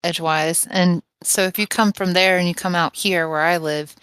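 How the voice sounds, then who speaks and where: A woman's voice: on the low side, fairly even intonation, normal speed, a bit bright, smooth, no room sound. A woman from West Virginia with a country drawl, rambling and curious in a casual voice chat. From West Virginia, USA. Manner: rambling, curious, laughs often.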